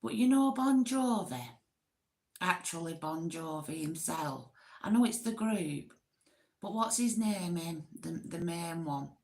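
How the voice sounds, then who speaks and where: A woman's voice: fairly low pitch, lively intonation, a little slow, darkish tone. A woman hosting a casual, rambling live chat with viewers, giggly and self-deprecating. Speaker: livestream host.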